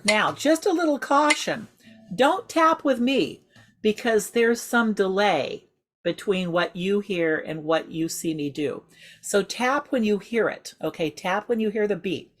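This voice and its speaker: A woman's voice: mid-range voice, background noise. A woman leading a group voice exercise over a video call, giving patient step-by-step instructions. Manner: patient, instructive, speaks in measured rhythm. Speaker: group voice and singing leader. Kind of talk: slow guided voice exercise class.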